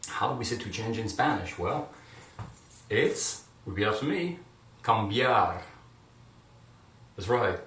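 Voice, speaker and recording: A man teaching a video lesson, encouraging his viewers and loudly drilling words for them to repeat. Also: on the low side. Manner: encouraging, loud drilled repetitions. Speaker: Spanish teacher. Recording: echoey room, voice from a distance.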